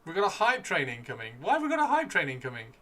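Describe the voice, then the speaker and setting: Chatty male streamer, bright voice. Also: a little high, wildly swooping pitch, fast. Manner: rambling and easygoing, thanking viewers. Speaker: live streamer. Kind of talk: casual live-stream chat.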